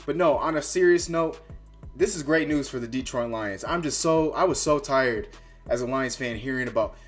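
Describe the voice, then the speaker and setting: A man hosts a sports fan vlog in a fired-up, casual, trash-talking way. His voice sits at an ordinary middle pitch. Faint music plays behind him. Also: moderate pace. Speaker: sports fan channel host.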